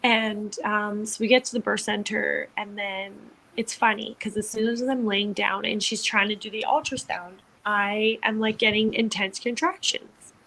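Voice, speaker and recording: Young woman, podcast co-host, casual storytelling, chatty, mid pitch. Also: fairly even intonation, moderate pace, gravelly, hardly any pauses, bright, forceful tone, a little hiss or hum, rough recording. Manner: chatty, lots of "like", acts out quotes.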